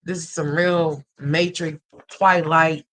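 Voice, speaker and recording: A livestream host talking straight to the chat in a loose, casual way. The voice sits at an ordinary middle pitch. It is blunt and salty one moment and sweetly affectionate the next, calling viewers honey and sweetheart. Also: flat delivery, slow pace, a bit bright, slight background noise. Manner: blunt and profane, switching to tender and emotional.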